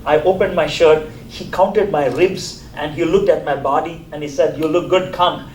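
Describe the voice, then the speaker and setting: Prophet Daniel tells his own life with earnest pride, as a preacher puts him on. The man's voice is slightly high. It echoes around a church hall. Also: fairly even intonation, normal speed, darkish tone, slight background noise, lightly acted. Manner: earnest first-person testimony. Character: prophet Daniel, older man, proud and earnest. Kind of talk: sermon role-play.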